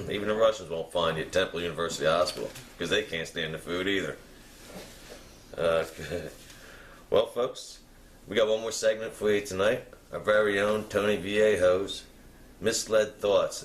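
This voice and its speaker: A man anchoring a spoof news show in a deadpan delivery, with a light chuckle now and then. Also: low voice. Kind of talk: mock newscast. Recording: echoey room with faint ambience.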